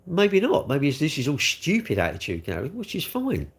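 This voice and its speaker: A middle-aged man rambles through a casual livestream chat. He addresses his viewers directly, and his pitch rises and falls in a lively way. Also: moderate pace, slightly rough. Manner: rambling, talks straight to viewers. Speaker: livestream host.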